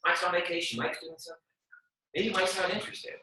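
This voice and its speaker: Energetic slangy man in an echoey room. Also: high-pitched, quick pace. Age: 40s. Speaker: sales team trainer. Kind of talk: motivational training talk to a group. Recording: very echoey room, mic at a distance.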